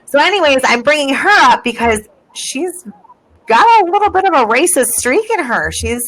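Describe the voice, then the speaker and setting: A woman co-hosting a podcast, telling anecdotes in an easygoing, measured way. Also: high-pitched, very animated, fairly bright tone, poor audio. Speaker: podcast co-host. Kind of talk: casual podcast chat.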